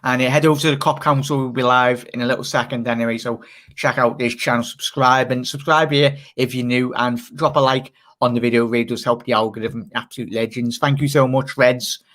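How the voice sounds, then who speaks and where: A channel host runs a relaxed live stream, chatting casually and reading fan comments aloud. He laughs easily and calls his viewers "mate." His voice is at a middle pitch and he talks fairly quickly.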